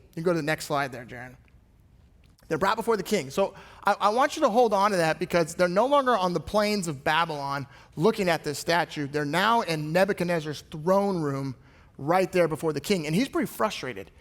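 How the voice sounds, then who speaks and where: A male pastor preaching a sermon, retelling a scripture story in a lively, casual storytelling way. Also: on the high side, a little fast. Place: church sanctuary. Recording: long reverb of a large hall.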